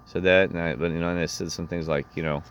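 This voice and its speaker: A man's voice: low voice, fairly even intonation, fast talker, lo-fi sound, slight background noise. A man telling a rambling personal story in an indignant, meandering way, often restarting his sentences. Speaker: vlogger.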